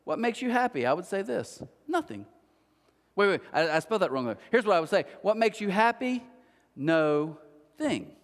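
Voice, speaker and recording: In a church auditorium with long hall reverb, a middle-aged male pastor gives a conversational sermon, addressing listeners directly with stories and jokes at his own expense. He speaks briskly in a high voice that swings widely in pitch.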